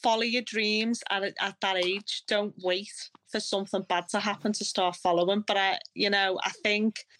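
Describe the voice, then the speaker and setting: A woman's voice: mid-range voice, steady tone, moderate pace, few pauses, fairly bright tone. Upbeat chatty woman. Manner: chatty, upbeat, laughs often. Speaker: guest. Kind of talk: casual chat.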